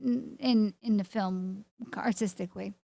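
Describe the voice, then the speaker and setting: A woman's voice: mid-range voice, a little slow, creaky, dark tone, dry recording. A woman co-hosting an interview, talking enthusiastically and rambling through her points. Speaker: co-host. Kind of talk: casual interview chat.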